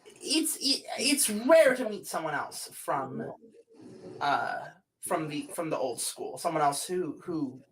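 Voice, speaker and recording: Slow, halting, wary salamander gent, played by the game master, a bit off-mic. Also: mid-range voice, lively intonation, far from the mic, rough recording. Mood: flustered. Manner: stammering, halting, hesitant speech. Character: nervous, guarded salamander man, formal and wary. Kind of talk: tabletop role-play character voice.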